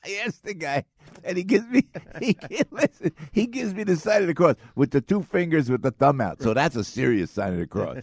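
A man's voice: medium pitch, brisk, darkish tone, no echo, clean studio sound. A middle-aged man hosting a morning radio show, telling stories in a chatty way and laughing often. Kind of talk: casual morning radio chat.

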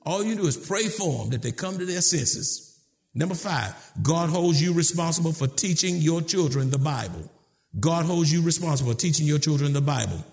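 Man preaching a sermon with rising shouts. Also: moderate pace, vocal fry. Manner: preacherly, swings from low calm to shouted emphasis. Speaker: pastor.

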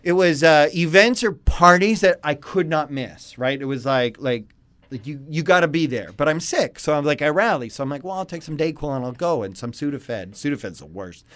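A man in his thirties co-hosting a podcast, telling a story with animated quotes in casual chat. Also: on the high side, fairly quick. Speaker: podcast co-host.

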